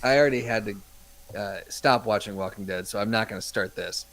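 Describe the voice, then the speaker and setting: A man's voice: lowish voice, moderate pace, a bit bright. A man co-hosting a casual podcast, mostly giving short replies. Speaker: podcast co-host.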